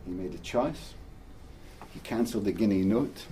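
A man closing a formal speech at a public talk, measured and emphatic, in a lecture room. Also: on the low side, animated, background noise.

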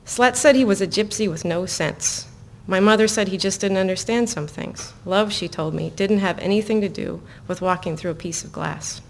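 A woman author reads her novel aloud in an even, measured way. Between passages she slips into loose, chatty asides full of ums, her voice at a middling pitch. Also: gravelly, slight background noise. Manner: even, measured reading; casual, filler-laden asides. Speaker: author reading her own book. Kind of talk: live book reading with chatty asides.

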